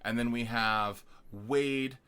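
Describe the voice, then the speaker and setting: A man's voice: medium pitch, steady tone, takes it slowly, a bit bright, smooth. A man co-hosting a podcast, retelling a film's plot in loose, chatty casual talk. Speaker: podcast co-host. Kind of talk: casual film-review chat.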